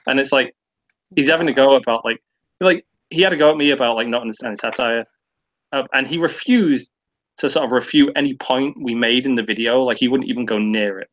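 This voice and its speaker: A man's voice: medium pitch, brisk, muffled recording. A man on a casual online stream, ranting at length with lots of swearing and filler words. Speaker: guest on a stream. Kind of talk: casual chat.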